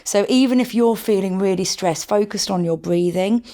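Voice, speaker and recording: A woman, a sleep consultant giving calm, practical advice in a casual podcast chat. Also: medium pitch, normal speed. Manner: calm, practical, acts out parents in quotes. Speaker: infant sleep consultant guest.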